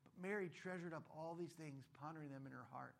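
Animated higher-voiced male preacher. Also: quick pace, gravelly. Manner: animated, acts out voices of the story's characters, rhetorical questions. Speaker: pastor. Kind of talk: sermon.

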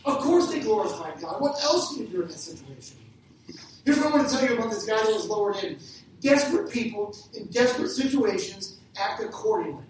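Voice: mid-range voice, animated, brisk, recorded from a distance. A pastor preaching a conversational sermon, asking the congregation questions as he goes. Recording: echoey hall, speaker away from mic, faint noise.

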